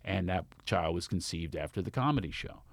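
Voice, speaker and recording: A comedian guest, speaking a little fast with a gravelly voice and no echo, tells stories in casual conversation. He's an animated storyteller who acts out the voices of people he quotes with big jumps in pitch.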